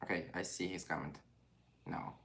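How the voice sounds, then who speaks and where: This young livestream host has a low-pitched, creaky voice with a fairly bright tone, big pitch swings and a normal speed. Speaking with a Ukrainian accent and non-native phrasing, he chats casually and reads out viewer comments.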